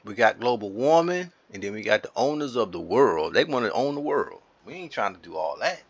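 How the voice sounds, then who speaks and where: A man's voice: mid-range voice, very animated, fairly quick, husky, dry recording, muffled recording. A man giving casual gameplay commentary as a YouTuber, playful and silly while trash-talking other players. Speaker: gaming YouTuber.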